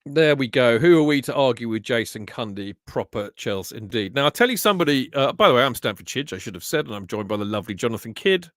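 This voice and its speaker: A man hosting a casual football fan podcast, chatty and excitable, swearing freely. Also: medium pitch, fast, hardly any pauses, no echo, clean studio sound. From England. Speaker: podcast host.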